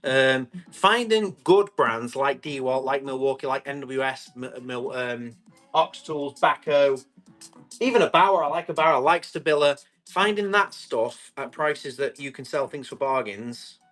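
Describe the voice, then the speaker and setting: A man, selling tools on a live stream, chatty and quick to describe each item and call out the bids. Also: mid-range voice, lively intonation, fairly bright tone, soft background music. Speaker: live auction seller.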